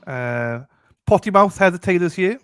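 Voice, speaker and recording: A man's voice: sits high, animated, normal speed, a bit bright, clean tone, no room sound, studio quality. A man co-hosting a live stream, upbeat and affectionate, reading viewers' names and comments aloud. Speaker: co-host. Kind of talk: casual live stream chat.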